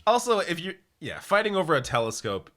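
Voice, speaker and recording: A man chatting casually and asking curious follow-up questions. His voice is bright and sharp, and his pitch moves a lot, which gives his questions a lively bounce. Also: brisk. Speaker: podcast guest. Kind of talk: casual chat.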